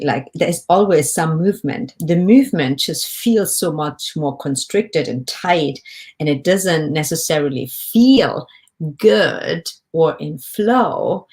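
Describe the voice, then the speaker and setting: A woman hosting a solo podcast, talking listeners through why they feel stuck in a gentle, encouraging way and asking them questions as she goes. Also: sits low. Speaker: podcast host, life coach. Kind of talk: reflective solo podcast talk.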